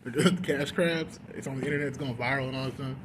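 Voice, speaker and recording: A man ranting casually and profanely about his fast food job, loose and full of fillers, recorded with clear background noise. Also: mid-range voice, steady tone. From Texas. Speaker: fast food worker venting. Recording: noisy background.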